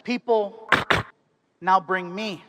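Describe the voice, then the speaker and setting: A man doing a stand-up comedy set, telling animated stories and switching into put-on voices. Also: sits high, slow pace, noisy background.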